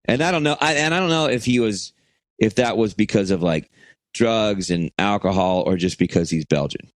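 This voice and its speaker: A man's voice: lowish voice, moderate pace, no echo, clean studio sound. A man co-hosting a comedy podcast, telling a long story in a rambling casual way with lots of fillers. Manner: rambling storytelling with many fillers and acted quotes. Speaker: podcast co-host.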